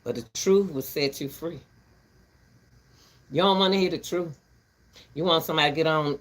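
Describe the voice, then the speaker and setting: An older woman ranting casually to her viewers from her back porch, blunt and rambling, breaking into laughter often. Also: low voice. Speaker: vlogger.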